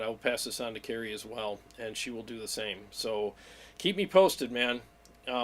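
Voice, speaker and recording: A man hosting a weekly livestream, talking in an excitable, rambling way and greeting viewers by name. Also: medium pitch. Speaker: livestream host. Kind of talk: casual livestream chat.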